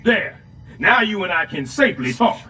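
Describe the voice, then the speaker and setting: A male actor with a high voice and moderate pace plays a scheming middle-aged building superintendent in an animated sitcom, sarcastic and overdramatic. The background is noisy.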